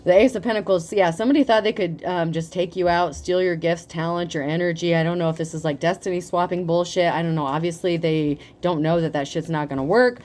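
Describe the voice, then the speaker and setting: Profane, animated woman tarot reader. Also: lowish voice, fairly quick, few pauses. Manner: profane, animated, laughs often. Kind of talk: casual tarot reading monologue.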